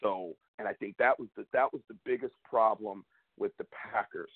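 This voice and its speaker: A man co-hosting a casual sports talk show, animated and emphatic. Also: lowish voice, moderate pace, slightly rough, no echo. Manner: animated, emphatic, rising to loud peaks. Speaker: podcast co-host. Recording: tinny phone-line sound, dry.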